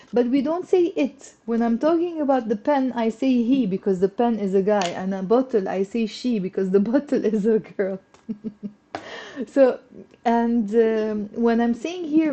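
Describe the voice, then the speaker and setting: A woman with a Lebanese accent teaching an online Arabic lesson, lively and encouraging as she moves between English and Arabic. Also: on the high side, dull audio.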